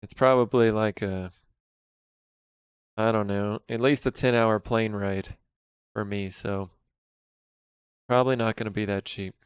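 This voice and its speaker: A man in his thirties chatting casually on a live stream, relaxed and rambling as he talks with viewers while working. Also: on the low side, unhurried, long pauses, smooth, no room sound. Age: 30s.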